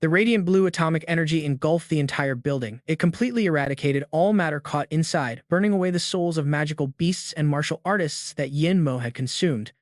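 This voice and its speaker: Male narrator, scripted dramatic recap, slightly high pitch, dry sound. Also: a little fast, few pauses, no room sound.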